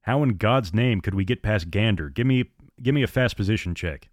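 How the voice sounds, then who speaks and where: A man voicing a tense, commanding male airline captain in an audiobook, giving clipped, grim orders in a low voice. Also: lively intonation, brisk, dry recording, studio quality, lightly acted.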